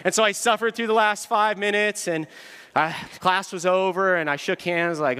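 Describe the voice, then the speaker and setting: A man's voice: high-pitched, fairly even intonation, normal speed, sharp tone, clear, resonant tone. A man giving a humorous, self-deprecating storytelling talk to an audience in a large hall.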